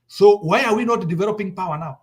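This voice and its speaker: A Kenyan man arguing politics with urgency and sitting a touch high in his range. He drives his points in through repetition, trips into restarts and moves back and forth between English and Swahili. The delivery stays forceful and persistent. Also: quick pace. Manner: insistent, repeats points, switches into Swahili. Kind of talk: heated political talk.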